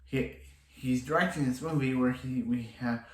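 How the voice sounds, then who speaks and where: A man's voice: mid-range voice, moderate pace, reverberant, rough recording. A man casually recapping a TV episode, rambling and restarting his sentences often as he quotes the characters in passing. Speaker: TV episode reviewer.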